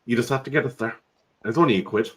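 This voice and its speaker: A man's voice: medium pitch, fast, rough recording. A man, hosting a casual live stream in a chatty, joking way and reading out viewer comments.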